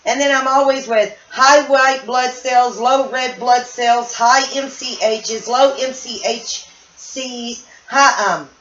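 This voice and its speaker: A woman's voice: fairly high pitch, fairly even intonation, takes it slowly, fairly bright tone, lo-fi sound. A woman from the United States venting angrily in a personal vlog, stumbling and repeating herself and sounding a little loopy. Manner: angry, venting, stumbling over words. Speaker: vlogger. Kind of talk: emotional personal vlog rant. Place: home room.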